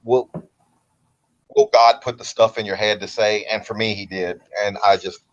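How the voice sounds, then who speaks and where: A relaxed man with a low baritone and a light Southern American accent rambles comfortably as an interview guest. He sounds a little dull and lo-fi, as if he is coming in over a remote call. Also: normal speed. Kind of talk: casual interview talk.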